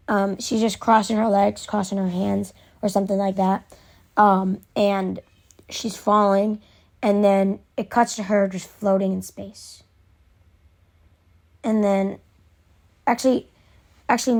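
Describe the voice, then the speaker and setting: A woman excitedly recapping an episode in a casual, rambling way, with many fillers and restarts. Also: mid-range voice, creaky.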